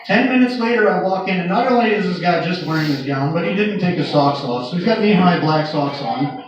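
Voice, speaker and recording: In an echoey club, heard from a distance through muffled audio, a comic with an expressive, high voice talks a little fast through crude tales from his nursing job, each built toward a punchline as the audience laughs.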